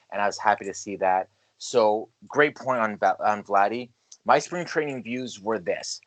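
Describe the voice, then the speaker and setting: A man co-hosting a casual sports podcast, hyped and loud on the intros. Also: fairly low pitch. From Canada. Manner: hyped, shouty announcer-style intros. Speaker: podcast co-host.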